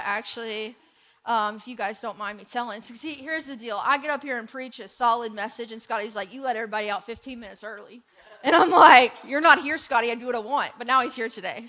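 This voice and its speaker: A woman's voice: sits high, bright, forceful tone. A young adult woman preaching a casual, joking sermon to her church, telling stories and talking to the crowd. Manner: chatty, jokey storyteller.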